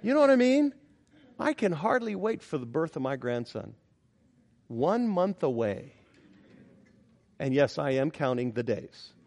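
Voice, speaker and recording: A middle-aged man preaching a sermon as a pastor, emphatic and expressive, moving between loud exclamations and quiet reflection. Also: medium pitch, measured pace, vocal fry, long pauses.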